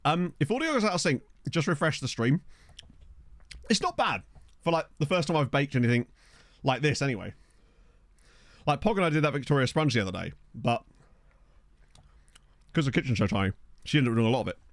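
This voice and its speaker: A man's voice: mid-range voice, very animated, a little fast, pauses often, dry recording. A young man chatting casually through a game livestream, jokey, sometimes eating as he talks. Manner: chatty and jokey, talking with his mouth full, laughing often. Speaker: streamer. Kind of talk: casual gaming livestream chat. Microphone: desk microphone.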